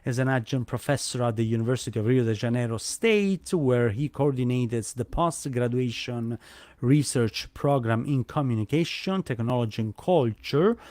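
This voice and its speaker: This man's voice is medium in pitch, darkish in tone, at a normal speed, with no room sound. He's the host of a live online event on a video call, and his English comes out hesitant, with frequent fillers and restarts.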